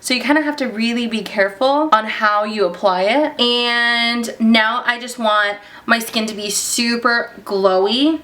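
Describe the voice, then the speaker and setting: A woman's voice: a little high, a little slow, few pauses. A young woman narrating a casual makeup tutorial, chatty and gushing over the products she uses. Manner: gushing, breaks into excited squeals. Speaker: beauty vlogger.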